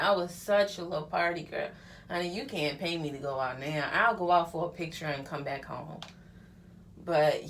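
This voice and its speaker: A woman's voice: fairly low pitch, a bit bright, slight background noise. A young woman vlogging as she gets ready, telling her life story in a candid, chatty way and using slang like honey and child. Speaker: vlogger and hairstylist. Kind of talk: casual get-ready-with-me storytelling.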